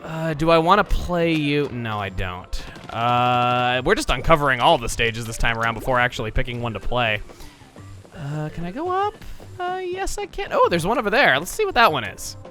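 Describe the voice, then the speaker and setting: A man's voice: fairly high pitch, vocal fry, pushed and bright. A man hosting a gaming video, chatting playfully and mocking himself as he plays. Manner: playful, self-mocking, chatty while playing. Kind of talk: let's play commentary.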